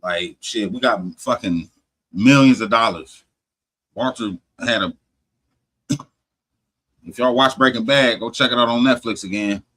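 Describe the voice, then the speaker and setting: Male podcast host, bright and husky, loose profane storyteller. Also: medium pitch, unhurried, long pauses, poor audio. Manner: animated, swears heavily, restarts often.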